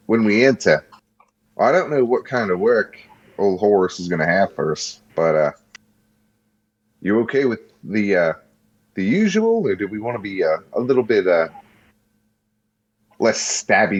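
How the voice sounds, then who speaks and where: Casting: male player, low husky voice, halting, dull lo-fi mic. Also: big pitch swings. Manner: halting, full of "uh". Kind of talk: casual tabletop game chat.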